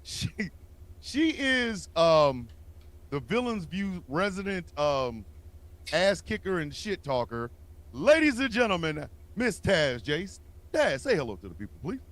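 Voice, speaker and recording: A man hosting a casual comedy chat show, excitable and profane, hyping up each guest as he introduces them. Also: high voice, a little slow. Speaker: show host.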